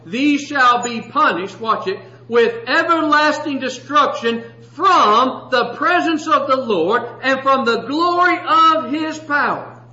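A man preaching a sermon with passion, moving between shouting and a hushed voice. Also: extremely high pitch, lively intonation, takes it slowly, hardly any pauses. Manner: impassioned, swings from shouting to hushed. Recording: echoey room, slightly dull sound.

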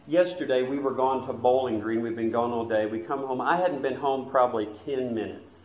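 A man preaches to his congregation, telling a story with earnest conviction and slipping into hushed asides now and then. His voice sits at an ordinary middle pitch. The church recording sounds dull and roomy. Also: fairly even intonation, fairly quick. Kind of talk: sermon. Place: church sanctuary.

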